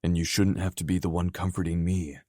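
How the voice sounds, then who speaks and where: A male narrator playing a gruff, protective young man with a clipped way of speaking. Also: low-pitched, level tone, fairly quick, warm tone, no room sound, studio quality, lightly acted. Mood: tender.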